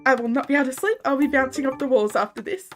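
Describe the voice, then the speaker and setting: A woman's voice: high voice, expressive, fast talker, fairly bright tone, soft background music. An Australian woman streaming a game, chatting casually with viewers, laughing often and swearing a little. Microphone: desk microphone.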